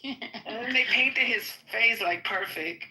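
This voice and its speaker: A woman's voice: a little high, measured pace, sharp tone, rough recording. A confident woman pointing out details in a casual group chat.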